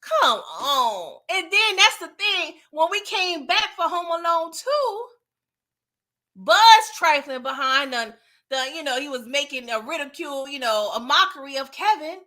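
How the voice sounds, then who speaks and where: A woman hosting a casual late-night livestream, reading chat comments aloud, animated and laughing often, with a slangy, playful manner. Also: high-pitched, a little slow.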